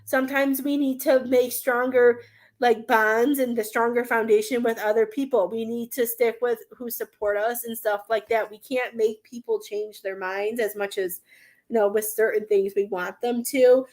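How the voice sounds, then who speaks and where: A woman's voice: fairly high pitch, fairly even intonation, normal speed, darkish tone. A young adult woman giving a live tarot reading, earnest and rambling, often close to tears, with many fillers. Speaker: tarot card reader.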